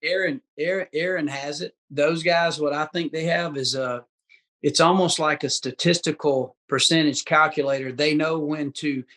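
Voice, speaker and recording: A man's voice: on the high side, fairly even intonation, moderate pace, fairly bright tone. A man as a podcast guest, talking casually in a folksy way and giving hunting advice. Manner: folksy, gives advice, says dude and bro. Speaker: guest hunter. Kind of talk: casual chat.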